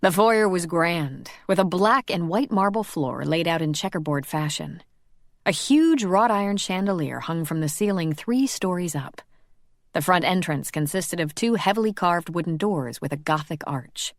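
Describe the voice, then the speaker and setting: A woman with a fairly low-pitched voice narrates a scripted paranormal romance audiobook in a measured, even storytelling style. The studio-quality recording has no room sound.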